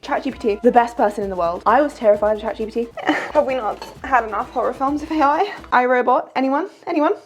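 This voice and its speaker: A woman's voice: a little high, fairly quick. A young British woman in her twenties, chatting to camera in a casual vlog, tired from little sleep, chatty and self-mocking. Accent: British English. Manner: chatty, self-mocking, jumps between topics. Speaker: vlogger.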